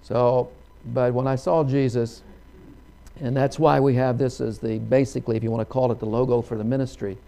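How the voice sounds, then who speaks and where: Middle-aged male preacher, gravelly, folksy sermon storyteller who acts out characters and erupts into hallelujahs. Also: medium pitch, steady tone, brisk, warm tone.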